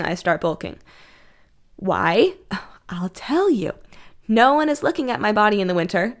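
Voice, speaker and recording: A woman's voice: on the low side, creaky. A young woman hosting a casual solo fitness podcast, blunt and breezy, swearing freely. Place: Washington.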